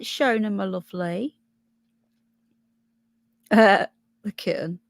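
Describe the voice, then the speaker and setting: Brummie woman livestream host, mid-pitched, chatty and rambling, dry close mic. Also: expressive, takes it slowly, gravelly, long pauses, fairly bright tone, no echo. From Birmingham, England. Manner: chatty, thinks aloud, stumbles over names. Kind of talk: casual live chat reading news and viewer comments.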